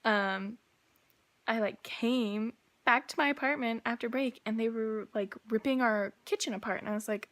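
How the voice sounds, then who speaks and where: A woman's voice: on the high side, normal speed, fairly bright tone. A young woman vlogging casually as she tells a long story, rambling with lots of filler words. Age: young adult.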